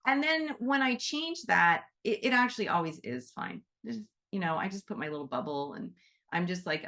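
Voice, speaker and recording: A woman with a slightly low voice hosts a relaxed online talk. She speaks in an animated, chatty way, slipping into little acted-out quotes. She is heard over a video call. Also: fairly quick. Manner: animated, chatty, often acting out quoted thoughts. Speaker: host and animal Reiki teacher. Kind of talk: casual online session talk.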